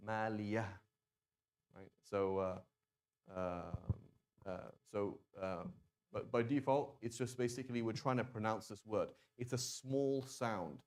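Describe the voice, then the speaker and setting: Casual male teacher sounding out words. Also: on the low side. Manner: casual, conversational, with many fillers and restarts; sounds out words slowly to demonstrate pronunciation. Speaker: Arabic teacher. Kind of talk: classroom lesson.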